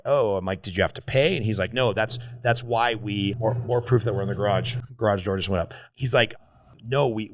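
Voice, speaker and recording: A man's voice: fairly low pitch, a bit bright, no echo. A man hosting a podcast, telling a story with strong feeling and swearing as he talks. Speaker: podcast host. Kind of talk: casual podcast conversation.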